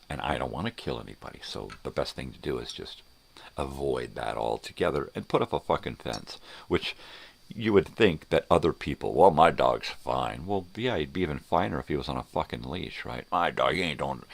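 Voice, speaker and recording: An older man with a very deep, gravelly voice holds forth on his morning vlog. He rants bluntly and swears freely, and his pitch swings widely as he talks. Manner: profane, blunt ranting. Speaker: vlogger.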